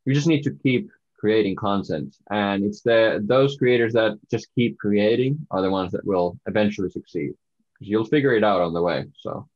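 A man's voice: fairly low pitch, normal speed, darkish tone, muffled recording. A man from Finland with a Finnish accent, a guest on a podcast, chatting in a hesitant way with many restarts. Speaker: guest content creator. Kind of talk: casual podcast chat.

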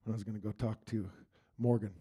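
A man's voice: lowish voice, fairly even intonation, fast talker, husky, muffled recording. A man giving an earnest, rambling church testimony that drifts into spoken prayer, repeating "Lord God.".

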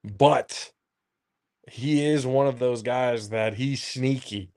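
A man co-hosting a casual sports podcast. His voice sits at an ordinary middle pitch, and he swears freely, laughs often and leans hard on his opinions. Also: slow pace, a little mellow. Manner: profane, laughing, emphatic. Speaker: podcast co-host.

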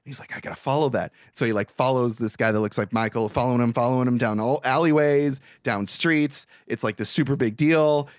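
A man's voice: mid-range voice, fairly quick, hardly any pauses, no room sound, studio quality. Rambling, profane podcast man. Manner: rambling, profane, acts out lines. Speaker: podcast co-host. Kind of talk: casual movie recap chat.

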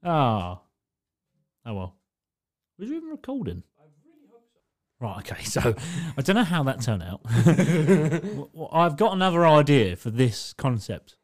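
A man's voice: a little high, very animated, measured pace, long pauses, a little mellow. A man co-hosting a casual podcast, rambling through explanations, swearing freely and laughing often. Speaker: podcast co-host. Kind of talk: casual chat.

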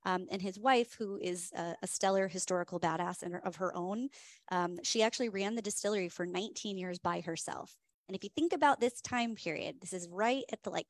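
A woman hosts a tasting and tells its history in an eager, chatty way, dropping frequent fillers. Her voice sits at an ordinary middle pitch. The sound is dry and close, with hardly any room echo. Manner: chatty, many "um" fillers, enthusiastic. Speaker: whiskey tasting host. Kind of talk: casual storytelling presentation.

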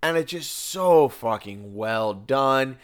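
A man's voice: mid-range voice, expressive, slow. A man co-hosting a podcast in casual chat, laughing often and swearing freely. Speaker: podcast co-host.

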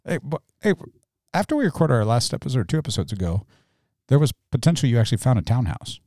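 Jokey male co-host with a mellow voice. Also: no room sound, studio quality. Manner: jokey and animated, quick pitch jumps. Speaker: podcast co-host, church staff. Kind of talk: casual chat.

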